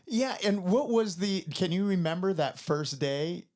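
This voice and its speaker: A man's voice: high-pitched, lively intonation, unhurried, darkish tone. Guy hosting a podcast, laughs along, jumps in with jokey asides. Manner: chuckling, playful asides. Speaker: podcast host. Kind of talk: casual interview.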